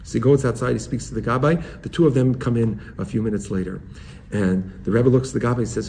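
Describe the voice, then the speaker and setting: A man's voice: mid-range voice, fast talker, creaky, warm tone, a little hiss or hum. A man, a rabbi, teaching the weekly Torah portion in an earnest way, explaining Hebrew terms one by one. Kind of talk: Torah lesson with a told story.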